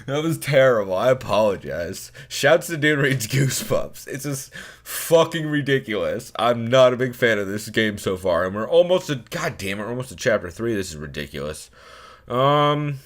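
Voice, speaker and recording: A man's voice: medium pitch, sing-song, moderate pace. A young man hosting a let's play, reading a text game aloud and joking with lots of swearing. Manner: profane, joking, riffing.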